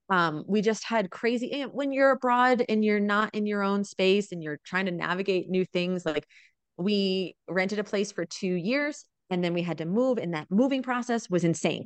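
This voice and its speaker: This woman's medium-pitched voice is clear and resonant, delivered at normal speed with no echo. In her thirties and living abroad with four kids, she's a guest in a laid-back interview, telling family stories with animation and frequently checking in with "right?".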